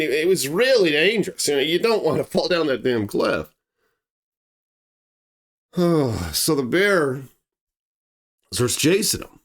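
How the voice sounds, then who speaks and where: Rambling man telling a bear story. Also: a little high. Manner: rambling, conversational, digresses often; shouts acted quotes in a raised voice. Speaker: horror story narrator. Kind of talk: casual storytelling with asides.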